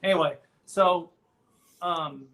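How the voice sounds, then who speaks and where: A man in his fifties hosting a podcast, telling a childhood story in an animated, profane way and slipping into voices. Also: a little high, slow. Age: 50s. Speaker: podcast host. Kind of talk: casual storytelling.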